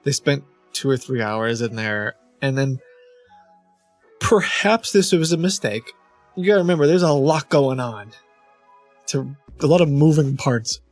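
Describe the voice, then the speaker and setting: A man's voice: medium pitch, expressive, unhurried, pauses often, faint music behind. A man hosting a stream, chatting casually and telling an amused story. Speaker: streamer host.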